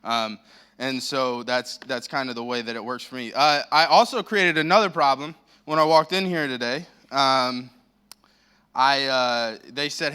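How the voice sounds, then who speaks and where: A man's voice: medium pitch, fairly even intonation, a little slow, bright, forceful tone, clean tone. An American man preaching as a guest pastor in a church, joking and self-deprecating as he rambles into his message through a handheld microphone. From United States. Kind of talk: sermon. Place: church sanctuary.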